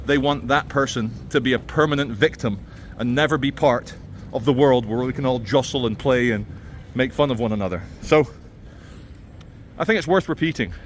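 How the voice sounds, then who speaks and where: A man's voice: mid-range voice, normal speed, a little hiss or hum. A man vlogging as he walks outdoors through a city, talking in a sardonic, ranting way. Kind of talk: walking vlog commentary.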